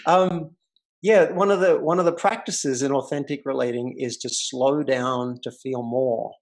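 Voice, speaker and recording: A male life coach, guesting in a relaxed interview conducted over a remote call, recounts a story with animation and vivid detail. His voice is medium-pitched and his delivery unhurried.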